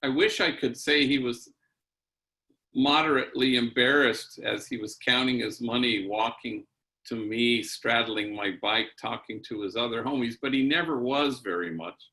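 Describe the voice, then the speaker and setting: A middle-aged priest tells a story in a keynote address, with a bright, forward tone. He takes his time, pausing on fillers and dropping bits of Spanish slang into his storytelling. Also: mid-range voice. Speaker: priest giving a keynote talk.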